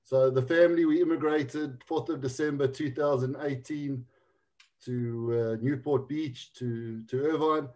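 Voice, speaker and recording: A South African man in his forties telling a joke as a guest, with halting restarts. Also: mid-range voice, fairly even intonation, darkish tone. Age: 40s. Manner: jokey storytelling, halting restarts. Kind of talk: casual anecdote.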